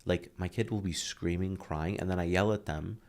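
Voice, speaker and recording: A man's voice: low voice, normal speed. A man in his thirties, a podcast guest, telling earnest stories and acting out quotes as he talks. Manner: earnest, animated storytelling with acted-out quotes. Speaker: guest, motivational speaker. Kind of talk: candid podcast conversation.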